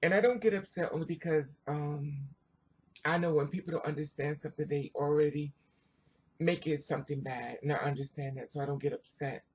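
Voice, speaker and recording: Husky, chatty storytelling vlogger. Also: mid-range voice, brisk. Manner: animated, chatty storytelling with asides to viewers. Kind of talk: casual storytelling to camera.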